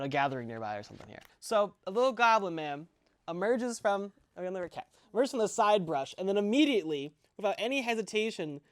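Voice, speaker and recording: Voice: medium pitch, dry recording. A game master casually narrating a tabletop session, with plenty of ums and restarts.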